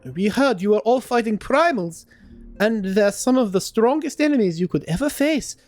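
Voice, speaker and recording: A man voicing a group of eager young boy adventurers, with a squeaky put-on foreign accent, while reading a game's story aloud on a live stream. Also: lively intonation, normal speed, darkish tone, soft background music.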